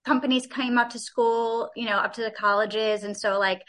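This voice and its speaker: A woman in her forties, a guest telling her story in a casual interview, chatty and quick to laugh. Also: a little high, steady tone, a bit bright. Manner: chatty, laughs often, acts out quoted people.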